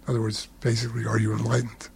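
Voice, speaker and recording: A man voicing a wise, stern old hag in a told story, questioning and scolding in a gravelly voice. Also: medium pitch, completely flat delivery, very fast, a little mellow, slight background noise, lightly acted. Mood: probing.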